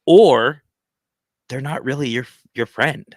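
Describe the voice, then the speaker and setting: A man hosting a casual livestream chat, talking earnestly and giving advice in a steady lecturing way. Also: mid-range voice, unhurried, no echo. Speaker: podcast host.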